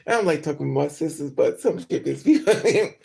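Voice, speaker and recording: A woman's voice: deep voice, expressive, brisk, creaky, darkish tone, a little hiss or hum. A woman vlogger telling stories in a casual, profane, gossipy monologue and often laughing between remarks.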